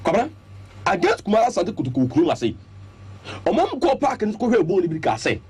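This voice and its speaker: This man's voice sits high, runs a little fast and has a breathy edge. On a radio studio broadcast, he speaks with a Ghanaian accent, giving emphatic, animated sports analysis in Twi and English while listing his points one by one.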